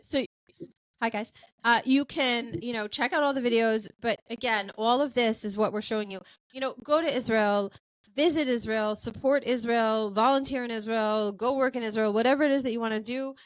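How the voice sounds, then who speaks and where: A woman's voice: a little high, moderate pace, smooth, dry recording, poor audio. Chatty American woman podcast host. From United States. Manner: chatty, animated, many fillers. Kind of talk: casual chat.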